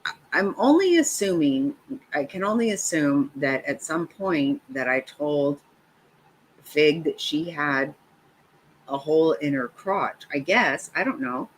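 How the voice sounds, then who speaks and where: On her livestream, a middle-aged woman talks slowly in a low-sitting voice, chatting casually and laughing through animated stories. There's slight background noise, and the recording sounds rough.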